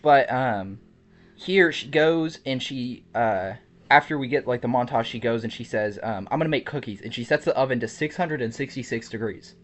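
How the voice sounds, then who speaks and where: Man host on a horror podcast, retelling a movie's plot in a halting, casual way full of ums and restarts. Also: medium pitch, fairly bright tone. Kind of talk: casual movie review chat.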